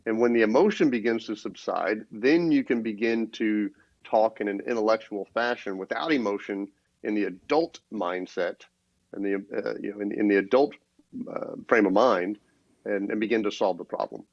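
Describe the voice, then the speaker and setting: Male co-host, lowish voice, measured and explanatory, muffled dry recording. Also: creaky, no room sound. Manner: steady, explanatory, many restarts. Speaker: podcast co-host. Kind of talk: casual business talk. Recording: dull, dry lo-fi sound.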